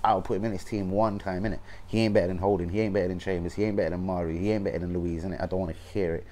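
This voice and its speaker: London bloke ranting on his fan stream, kinda low voice, swears loads, says innit a lot. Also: fairly even intonation, rapid-fire, dark tone, a little hiss or hum. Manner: sweary, blunt London slang, keeps saying innit. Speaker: fan channel host. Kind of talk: casual football rant livestream.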